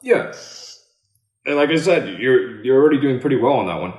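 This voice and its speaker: A man's voice: medium pitch, expressive, normal speed, darkish tone, echoey room. A man hosting a casual live-stream chat, talking in a laid-back, encouraging way, calling people "dude" and swearing freely. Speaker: host.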